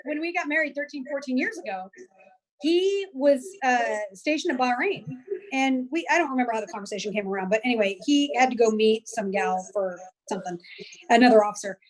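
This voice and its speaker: A woman guest chatting on a video call, telling stories in an animated way with many restarts and fillers. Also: fairly high pitch, fairly quick, poor audio. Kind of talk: casual chat.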